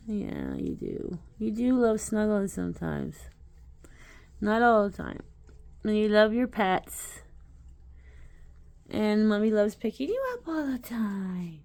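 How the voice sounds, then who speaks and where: A woman's voice: mid-range voice, vocal fry, a little mellow. A woman at home chatting casually while filming her cats, laughing often and cooing at her pets. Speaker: pet vlogger. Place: at home, indoors.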